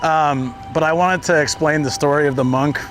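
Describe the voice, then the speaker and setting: A man's voice: a little high, steady tone, moderate pace, over music. A man livestreaming while walking outdoors, telling stories in a rambling way with lots of fillers. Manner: rambling storytelling with frequent fillers. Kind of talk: casual walking livestream chat. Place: outdoors on city streets. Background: traffic and city ambience.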